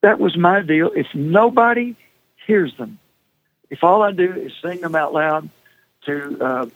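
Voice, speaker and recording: An older singer-songwriter spins funny stories and pokes fun at himself. His voice sits a bit high for a man and carries a gravelly rasp. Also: unhurried, no room sound, narrow, tinny audio. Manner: humorous, self-deprecating storyteller. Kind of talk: casual conversation.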